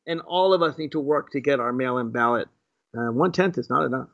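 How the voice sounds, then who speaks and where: A man's voice: mid-range voice, fairly quick, gravelly, fairly bright tone, muffled recording. A man from Virginia hosting live political commentary, reacting to clips in a mocking, sarcastic voice full of rhetorical questions. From Virginia, USA.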